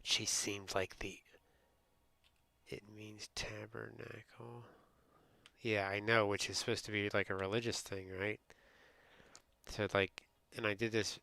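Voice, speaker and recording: A low-pitched man with a gravelly edge, chatting loosely and rambling through stories as he streams. His voice carries a bright, forceful tone, and the recording is close and dry with no room sound. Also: dry recording. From United States. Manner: rambling, chatty storytelling, reads and answers chat. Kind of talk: casual chat.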